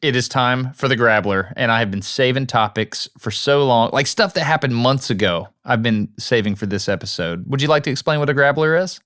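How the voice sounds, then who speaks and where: A man co-hosting a podcast in casual chat, telling stories with animated delivery and acting out lines he overheard. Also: mid-range voice, brisk, few pauses, no room sound, studio quality. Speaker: podcast co-host.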